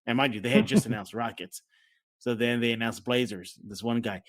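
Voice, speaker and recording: A man's voice: mid-range voice, a little fast, few pauses. A man hosting a casual sports podcast, talking with energy and acting out fan reactions. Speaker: podcast host.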